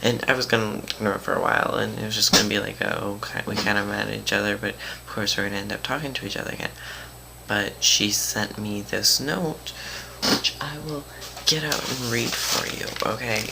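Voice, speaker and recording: A teenage boy telling a story in a casual vlog, dramatic and animated, mocking the people he quotes. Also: lowish voice, vocal fry, very noisy.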